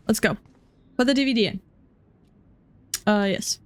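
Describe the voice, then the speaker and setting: A woman's voice: mid-range voice, unhurried, pauses often, soft background music. A young woman commenting on a game as she plays, rambling and emotional, with many fillers. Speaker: gaming streamer. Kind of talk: let's play commentary.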